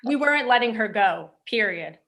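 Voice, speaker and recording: A woman film director answering interview questions in a brisk, matter-of-fact way. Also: on the high side, expressive, vocal fry, bright, forceful tone. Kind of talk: casual interview storytelling.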